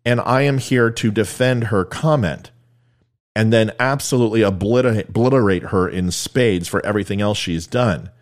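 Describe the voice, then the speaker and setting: A man's voice: fairly low pitch, moderate pace. Blunt, opinionated man hosting a talk show. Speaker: podcast host. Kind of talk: political commentary talk show.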